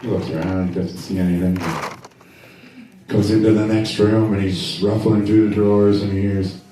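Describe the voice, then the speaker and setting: A man's voice: fairly low pitch, little pitch movement, normal speed, warm tone, a little hiss or hum. A man with a drawl telling stand-up jokes and acting out the characters' lines. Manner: drawling storyteller, acts out characters in dialogue. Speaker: stand-up comedian. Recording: echoey room, mic heard from a distance.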